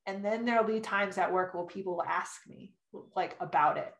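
A woman reading human design charts, talking as a podcast guest. She is animated and chatty, acts out little quotes and laughs often. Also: mid-range voice, normal speed. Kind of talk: casual podcast conversation. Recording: roomy echo.

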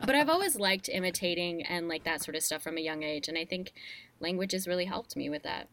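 A young woman chatting casually as a guest, animated and playful, laughing often as she talks. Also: lowish voice, brisk. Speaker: guest, voice actor. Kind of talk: casual conversation.

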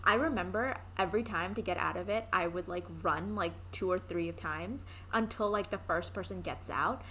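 A woman's voice: on the low side, moderate pace, bright, forceful tone, slight background noise. A young woman co-hosting a podcast, telling stories casually, acting out quotes and laughing often. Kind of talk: casual chat.

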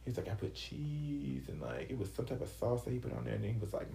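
A man's voice: mid-range voice, fast talker, creaky, roomy sound. A man telling a funny story in a casual chat, swearing a lot and acting out what people said. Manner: animated, profane storyteller who acts out quotes.

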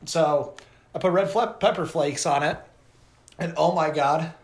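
A man co-hosting a podcast, telling rambling stories in a casual, lively way with lots of fillers. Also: a little high, a little slow, reverberant. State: coughing from pepper flakes. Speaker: podcast co-host. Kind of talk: casual chat.

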